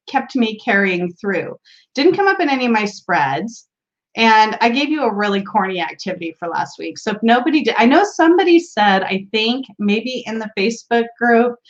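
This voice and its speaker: A woman's voice: a little high, highs cut off. Chatty woman greeting livestream viewers. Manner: chatty, greets viewers by name, laughs often. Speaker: tarot livestream host. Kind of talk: casual livestream chat. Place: home room.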